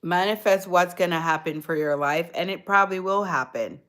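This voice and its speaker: Woman streamer, a mother, lowish voice, loose chatty delivery, greets viewers by name. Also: normal speed, fairly bright tone. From born in Jamaica, raised in the United States. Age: adult mother. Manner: chatty, talks straight to viewers by name, restarts words. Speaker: livestream host chatting with viewers. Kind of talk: casual live chat.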